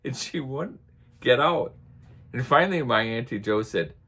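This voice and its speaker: A man's voice: medium pitch, lively intonation, moderate pace, a bit bright, slightly rough. A man from the United States hosting a casual vlog, telling rambling anecdotes and chuckling as he goes. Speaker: vlog host. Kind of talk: casual storytelling chat.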